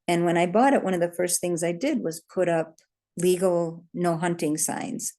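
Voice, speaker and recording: A woman leads a workshop and tells personal stories in an earnest, conversational way. She laughs lightly between phrases, and her voice sits slightly low. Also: fairly even intonation, normal speed, warm tone. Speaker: workshop leader. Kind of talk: storytelling workshop talk.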